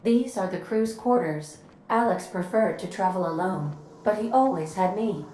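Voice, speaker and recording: A woman voicing a calm female ship AI. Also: mid-range voice, normal speed, reverberant, slight background noise, close to an everyday voice, rough recording. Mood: dry. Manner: polite, matter-of-fact announcements.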